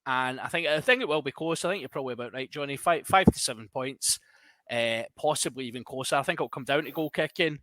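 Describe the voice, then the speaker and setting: A man hosting a casual sports podcast, often halting and repeating words as he looks for the next one. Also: medium pitch, pushed and bright, dry recording. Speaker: podcast host.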